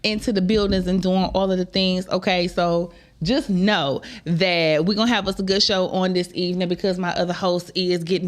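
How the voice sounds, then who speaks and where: A woman hosting a live podcast, talking in a chatty, drawn-out, conversational way. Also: medium pitch. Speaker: podcast host. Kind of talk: casual live-show chat.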